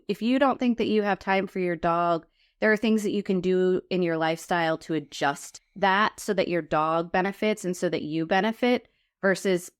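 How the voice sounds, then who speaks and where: A woman's voice: lowish voice, clear, resonant tone. A woman hosting a podcast interview. She stresses her points firmly by repeating them. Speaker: podcast host. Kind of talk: conversational interview.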